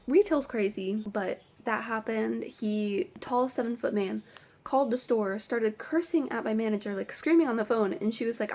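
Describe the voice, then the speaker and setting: A woman's voice: a little high, normal speed. Exasperated young woman ranting storytime. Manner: animated, exasperated, swears freely. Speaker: pet store worker telling stories. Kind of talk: storytime rant.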